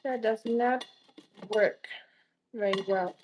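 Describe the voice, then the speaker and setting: A woman's voice: on the high side, steady tone, takes it slowly, darkish tone, slight background noise, rough recording. A woman live streaming as she cooks in her home kitchen, chatting casually, greeting viewers by name and making teasing jokes. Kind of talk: casual live-stream chat while cooking.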